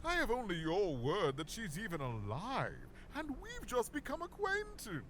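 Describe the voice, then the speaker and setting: An actor playing a snobby, pompous young duke in a video game, with a haughty, drawling, theatrical manner. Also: male voice, high voice, huge pitch swings, measured pace, noisy background, heavily acted. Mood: dismissive.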